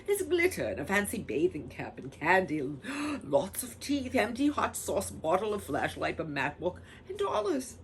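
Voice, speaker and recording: A woman reading a children's storybook aloud, very expressive, acting out the characters as she goes. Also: medium pitch, unhurried, few pauses, a little hiss or hum.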